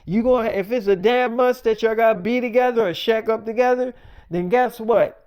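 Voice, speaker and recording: A man's voice: very high-pitched, moderate pace, darkish tone, clean tone. A man voicing his angry, nagging wife, swearing and scolding him by name. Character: furious scolding wife, adult woman.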